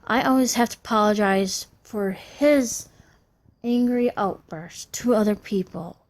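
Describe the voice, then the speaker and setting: Slow-talking aggrieved woman in her thirties. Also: medium pitch. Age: 30s. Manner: rambling and aggrieved, with restarts. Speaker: vlogger. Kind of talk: personal venting vlog.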